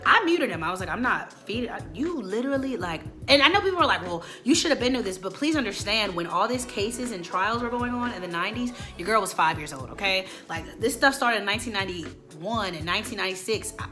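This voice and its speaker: A woman in her late twenties giving an animated, opinionated casual video commentary, often slipping into quoted voices. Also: mid-range voice, quick pace, soft background music. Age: late 20s. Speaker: host.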